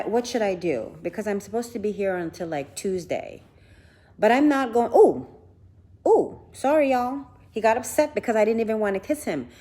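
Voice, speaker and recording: A woman's voice: a little high, mellow. Blunt, profane woman venting to her phone. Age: 50s. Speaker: vlogger. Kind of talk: live house-tour vlog. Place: large house indoors. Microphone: handheld phone.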